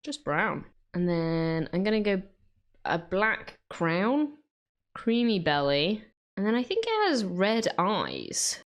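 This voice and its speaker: A woman's voice: medium pitch, huge pitch swings, takes it slowly. A woman chatting casually while she draws, joking at her own efforts and laughing often. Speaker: art vlogger. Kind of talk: casual drawing commentary.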